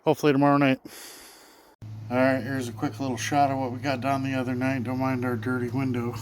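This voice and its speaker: Farm vlogger, man, mid pitch, folksy and easygoing, outdoors with faint noise behind. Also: level tone, quick pace. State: slightly out of breath. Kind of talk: casual vlog narration.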